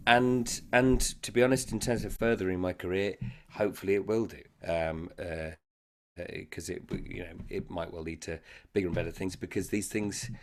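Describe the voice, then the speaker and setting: A male actor being interviewed, talking thoughtfully with many hesitant fillers. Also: low voice. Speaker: actor and guest. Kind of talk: casual interview chat.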